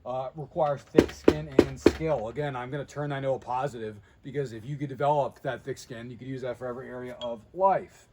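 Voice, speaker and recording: Blunt, energetic man talking sales. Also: medium pitch, brisk, few pauses, noisy background. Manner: energetic, blunt, self-interrupting. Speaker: sales trainer. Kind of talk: casual whiteboard talk to camera.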